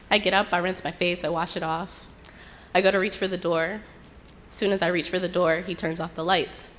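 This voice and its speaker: A young woman telling a personal story in an unhurried, reflective way, acting out what others said. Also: lowish voice, steady tone, a bit bright, a little hiss or hum. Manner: unhurried, reflective retelling with quoted dialogue.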